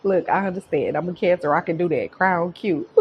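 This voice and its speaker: A woman's voice: on the low side, sing-song, normal speed, highs cut off, slight background noise. A young woman giving a casual tarot reading. She swears freely and laughs often. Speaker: tarot reader.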